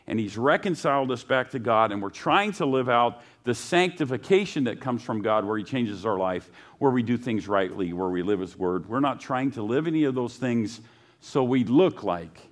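A man's voice: medium pitch, lively intonation, moderate pace. A male pastor preaching a sermon, reading scripture and rising into pointed rhetorical questions.

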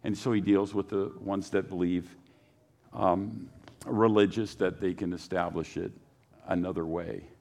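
A man's voice: sits low, fairly even intonation, measured pace, a little mellow. Man preaching a sermon. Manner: preaching with rising rhetorical questions. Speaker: pastor.

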